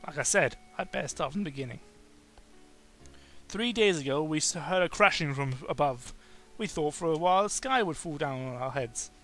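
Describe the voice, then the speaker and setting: A man's voice: fairly high pitch, lively intonation, normal speed, a bit bright, soft background music. A man voicing a kindly, courteous adult male caretaker in a game, speaking formally and reassuringly. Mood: explaining. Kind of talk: reading game dialogue aloud.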